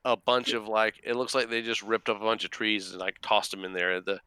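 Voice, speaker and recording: A man runs a tabletop game as dungeon master, his voice bright and very crisp. He explains the map in rambling bursts full of restarts, close on the mic in a dry, dead room. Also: lowish voice, fairly even intonation, a little fast, no room sound. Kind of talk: running a tabletop game over a call.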